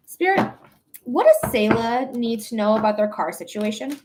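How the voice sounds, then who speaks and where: Woman host with a Detroit accent, somewhat high, loose and chatty, thinking out loud on a live stream, sleep deprived. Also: expressive, moderate pace, background noise. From Metro Detroit, Michigan. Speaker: psychic reader and livestream host. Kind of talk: casual live-stream chat.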